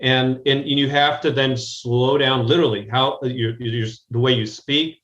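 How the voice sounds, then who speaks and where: A man's voice: medium pitch, steady tone, moderate pace, a bit bright, dull audio. American man, rambling and direct, on a roomy line. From United States. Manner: rambling, frequent restarts, direct. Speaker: guest business strategist. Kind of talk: conversational interview. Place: Chicago, remote call.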